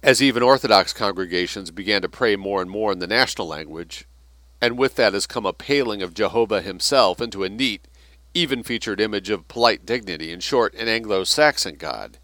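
A man's voice: on the low side, lively intonation, brisk, bright, forceful tone, no room sound. A man reading passages from a book aloud and adding his own asides. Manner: reads passages then adds asides.

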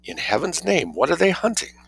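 A man voicing an anxious, fretful young gentlewoman who keeps asking questions, in an audiobook reading. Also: medium pitch, huge pitch swings, brisk, gravelly, husky, pitched above the performer's own voice, full character voice.

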